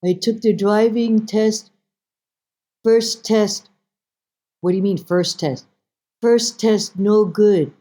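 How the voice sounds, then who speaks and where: A woman voicing her elderly immigrant mother, who speaks in slow, clipped, halting English and keeps a matter-of-fact tone. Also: mid-range voice, dark tone, voice pushed up, natural voice.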